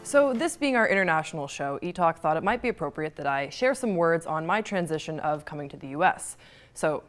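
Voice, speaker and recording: A woman's voice: sits low, lively intonation, fairly quick, faint music behind. A young woman from Belgium with an American accent, telling a playful, self-mocking story about moving abroad. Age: young adult. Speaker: student show presenter. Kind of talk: comic personal story to camera.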